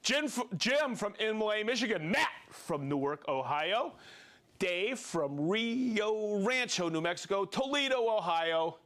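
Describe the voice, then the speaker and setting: A man with a high, bouncing voice hosts a live stream and rattles off viewers' names and hometowns. He sounds upbeat and playful. His pitch leaps around as he talks. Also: expressive, a bit bright. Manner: upbeat, playful, reads names and places quickly. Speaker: host.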